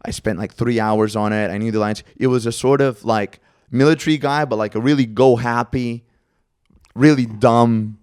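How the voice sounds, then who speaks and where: A young man in casual podcast chat, with a mid-range voice. He is recorded close and dry. He trades quick jokes and teasing remarks with his co-host. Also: mid-range voice, steady tone, darkish tone, clean tone, dry recording. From Europe. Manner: joking, teasing interjections.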